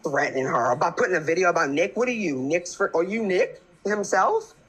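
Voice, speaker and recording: A woman on a live stream panel, cursing and hostile, shouting another speaker down. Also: lowish voice, expressive, a little fast, husky.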